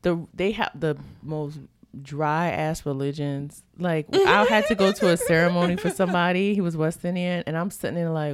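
A woman's voice: fairly low pitch, normal speed, no echo. A woman hosting a podcast in casual chat, talking bluntly and with swearing, now and then slipping into joking voices. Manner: animated, blunt and profane, slips into joking voices. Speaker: podcast host.

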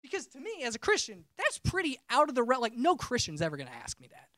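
Lively, expressive male preacher. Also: very high-pitched, fast, no echo, studio quality. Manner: conversational storytelling, self-interrupting. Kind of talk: personal testimony sermon.

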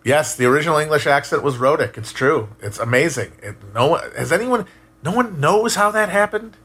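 A man's voice: fairly high pitch, animated, a little fast, fairly bright tone, breathy edge. Rambling man chatting on stream. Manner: rambling, musing, profane, many restarts. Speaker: streamer answering chat. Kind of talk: casual live-stream chat.

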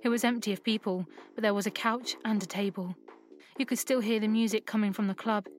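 A woman narrating a first-person erotic story in a calm, steady reading voice. Music runs clearly in the background throughout. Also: mid-range voice, brisk.

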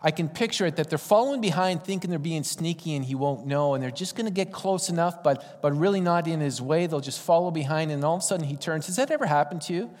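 Man, preacher, sermon, conversational folksy storytelling, somewhat high voice, long hall echo. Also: lively intonation, fast talker, hardly any pauses, a little mellow.

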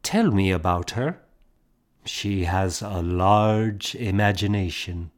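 A man doing a brisk, commanding woman. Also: sits low, expressive.

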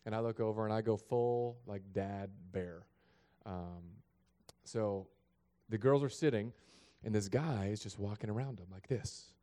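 A middle-aged male pastor telling a story in a sermon, shifting between hushed and raised passages. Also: mid-range voice, clean tone.

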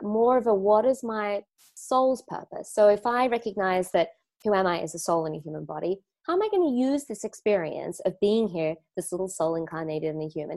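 A woman's voice: mid-range voice, darkish tone. A woman with an Australian accent giving a live online talk to students, speaking reflectively and conversationally, with frequent fillers and restarts. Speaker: wellness teacher.

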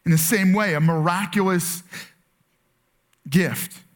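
A man's voice: high voice, slow pace. A man preaching a sermon as pastor, earnest and conversational, with frequent fillers and restarts. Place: church with multiple campuses and online stream.

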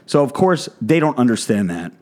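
A man's voice: mid-range voice, sing-song, moderate pace, darkish tone. A man, a fitness content creator, delivering a blunt, profane rant in a vlog monologue.

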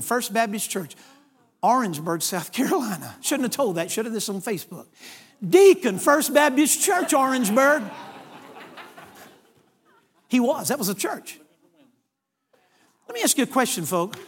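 A man with a very high speaking voice preaches with lively energy. He tells a story and acts out every part of the dialogue, then moves into scripture. He sounds middle-aged and comes from the United States. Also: moderate pace, long pauses. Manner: animated storyteller acting out dialogue. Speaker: evangelist preacher. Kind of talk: storytelling sermon.

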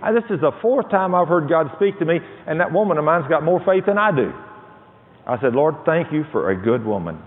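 A man's voice: fairly high pitch, sing-song, brisk. A man preaching his testimony, his voice rising and falling widely as he acts out the voices in his story. The sound is thin and phone-like, ringing in a long hall reverb. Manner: storytelling, dramatic quoted dialogue. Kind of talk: sermon testimony.

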